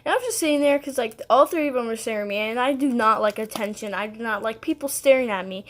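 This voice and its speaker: A young woman vlogs straight to her viewers, telling a story in a loose, rambling way. Her voice sits a little high, and she fills it with "like," "um" and small giggles. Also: fast. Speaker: vlogger. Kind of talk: casual storytelling to camera.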